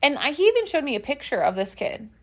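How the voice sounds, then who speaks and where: A giggly young woman in her twenties co-hosts a chatty podcast, her fairly high voice swooping up and down. She tells stories in a loose, animated way, full of fillers and quick laughs. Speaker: podcast co-host. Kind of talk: casual chat.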